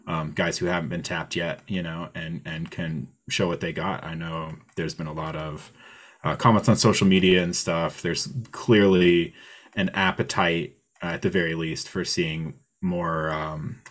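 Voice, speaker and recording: Very deep-voiced affable podcast host. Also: male voice, steady tone, measured pace, a bit bright. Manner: rambling, affable, many fillers. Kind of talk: casual interview chat.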